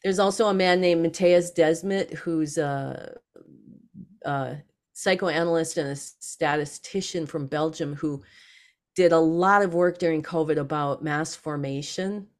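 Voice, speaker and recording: A woman guest on a podcast interview, telling stories in an animated way and acting out other people's lines. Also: low-pitched, unhurried. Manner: animated, acts out others in lively quotes.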